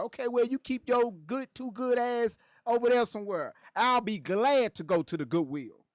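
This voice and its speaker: A man hosting a casual livestream, reading chat aloud and joking around in a loud, animated way. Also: extremely high pitch, normal speed, hardly any pauses, no room sound, studio quality.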